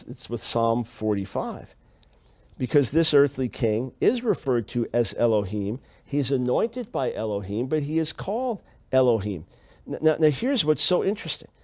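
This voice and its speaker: In a mid-range voice, a man lectures on Bible teaching, reading Hebrew passages aloud. His manner is emphatic, driving points home through repetition of key phrases.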